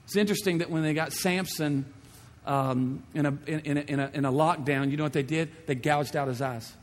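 A male pastor delivers a sermon in a fairly high voice, driving points home with repetition and rhetorical questions. His voice carries through a church with a long hall reverb. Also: steady tone, fairly quick.

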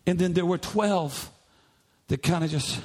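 A man's voice: high-pitched, measured pace, darkish tone. A male pastor preaching a sermon in a church, emphatic, with many repeated rhetorical questions.

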